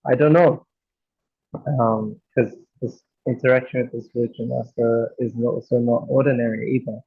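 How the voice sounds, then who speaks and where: A man's voice: medium pitch, steady tone, normal speed, husky, dry recording. A man from Australia sharing a story in a casual class discussion, rambling loosely with lots of filler words. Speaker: devotee sharing experience. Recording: slightly dull lo-fi audio.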